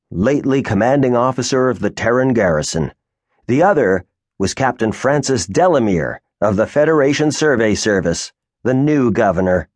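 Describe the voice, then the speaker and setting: A man narrating a science fiction audiobook in an expressive storytelling manner. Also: on the low side, dry recording. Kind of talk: scripted narration.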